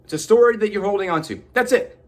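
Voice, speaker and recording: A man's voice: sits high, quick pace. A man giving an earnest, preachy motivational self-help talk, swearing casually. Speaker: motivational vlogger.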